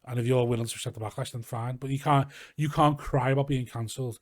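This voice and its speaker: A young man with a Scouse accent talks quickly and loosely, piling up asides and running jokes as he goes. The recording is close and dry, with no room sound around him. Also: mid-range voice, no room sound. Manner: rambling, animated storytelling with swearing. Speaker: comedian guest. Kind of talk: casual podcast chat. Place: garage.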